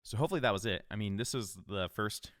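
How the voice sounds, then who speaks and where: Casual bearded podcast host, low voice. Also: male voice, quick pace, a bit bright, no room sound, clean studio sound. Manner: casual, conversational, upbeat coaching. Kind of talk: solo podcast advice talk.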